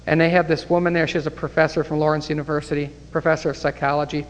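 A man's voice: fairly high pitch, flat delivery, rapid-fire, big-room sound, background noise. A man preaching a Bible study sermon and leading a closing prayer, fervent and breaking into praise. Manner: fervent, rising to exclamations of praise.

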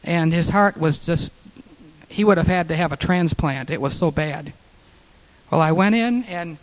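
A man's voice: sits high, low-quality recording. A male pastor telling stories in an earnest sermon, rising to fervent peaks. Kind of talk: sermon storytelling.

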